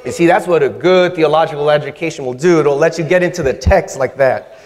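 A man preaching a sermon as guest preacher, measured and humorous, with emphatic pauses. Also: fairly high pitch. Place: church sanctuary. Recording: reverberant church hall.

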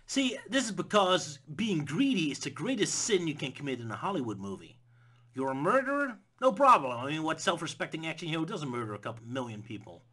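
A man's voice: medium pitch, sharp tone. Sarcastic man ranting. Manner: sarcastic, mocks with silly put-on voices. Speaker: video essayist. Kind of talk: comedic movie rant.

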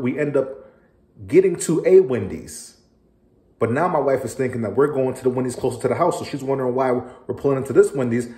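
Earnest male relationship coach, mid-pitched voice, roomy phone audio, casual tone. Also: mellow. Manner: earnest, repeats words, acts out quarrels in raised voice. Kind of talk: casual monologue to camera.

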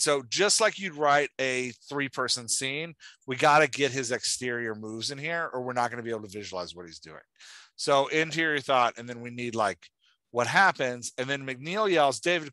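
A man's voice: mid-range voice, expressive, normal speed, pushed and bright, no room sound. A man hosting a podcast and giving writing feedback in an enthusiastic, chatty way, with lots of "like". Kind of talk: casual chat.

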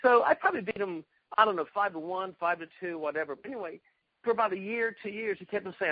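A man from South Carolina, a retired karate champion, telling lively anecdotes in a casual interview and acting out the voices of people he quotes. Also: high-pitched, fast, husky, no room sound, highs cut off.

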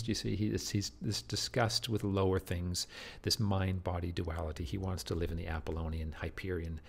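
Emphatic, lower-pitched male literature teacher. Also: vocal fry. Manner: emphatic, with many restarts and "do you see?" asides. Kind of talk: explanatory lecture.

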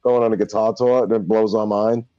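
A man's voice: fairly low pitch, little pitch movement, moderate pace, warm tone, smooth, dry recording. A man co-hosting a podcast in slangy, profane casual chat, telling stories. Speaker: podcast co-host. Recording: dry, dull lo-fi sound.

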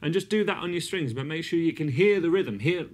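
A man's voice: fairly high pitch, expressive, a little fast. A man giving a casual guitar lesson, encouraging, counting beats aloud and singing snippets as he plays. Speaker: guitar teacher. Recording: loud guitar over the voice.

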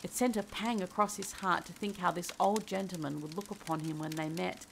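Soft-spoken woman reading a bedtime story. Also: fairly low pitch, steady tone, brisk, creaky, a little hiss or hum, rough recording. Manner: soft, gentle reading with voiced character lines.

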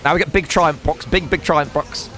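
A man's voice: fairly high pitch, steady tone, moderate pace, a bit bright, soft background music. A young man streaming a video game, commentating casually, swearing and laughing as he talks to chat and teammates.

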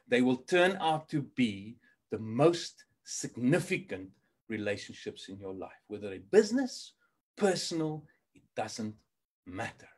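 A man's voice: mid-range voice, husky. A South African man giving a motivational keynote, telling a story and acting out the dialogue and stutters for laughs. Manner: animated, acts out dialogue and stutters for comic effect. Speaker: motivational speaker.

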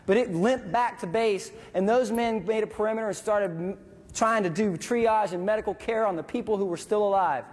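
A man's voice: high-pitched, moderate pace. A man telling a vivid story in a speech, acting out sounds and voices. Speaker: veteran speaker. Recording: hall reverb.

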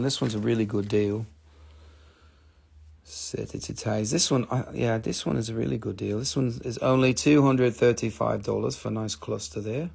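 A man's voice: fairly low pitch, gravelly, darkish tone. A man with a mid-Atlantic American accent running a live sales stream of rocks and minerals, with chatty, upbeat salesman patter, talking into a phone held in his hand.

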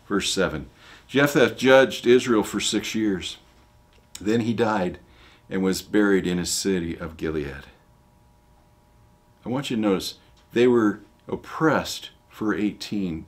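A male pastor preaching a sermon, retelling a scripture story with dramatic swings between quiet, low lines and loud, raised ones. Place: church.

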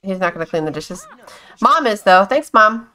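Bright-voiced chatty woman gamer. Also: medium pitch, animated, normal speed. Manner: chatty, talks to her game characters; giggly, exclaims often. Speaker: gameplay streamer. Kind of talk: casual gameplay commentary.

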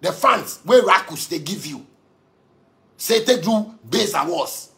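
A man with a Ghanaian accent speaks slowly in a high, animated voice that's pushed and bright, with vocal fry. He rants angrily and profanely at his audience, circling back to the same words for emphasis in a heated manner.

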